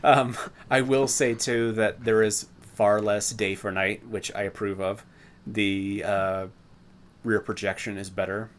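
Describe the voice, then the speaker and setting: Low-voiced man, rambling movie talk. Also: fairly even intonation, measured pace, a little hiss or hum. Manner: rambling, self-interrupting, nerdy. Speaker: podcast co-host. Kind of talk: casual chat, film review.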